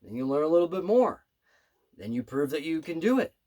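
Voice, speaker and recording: An earnest man with a fairly high voice talks in a casual, rambling storytelling vlog. He fills his speech with asides and checks, speaking from his home studio. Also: sing-song, a little fast, warm tone. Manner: rambling and earnest, full of "you know" and "right". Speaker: bass player and manifestation coach.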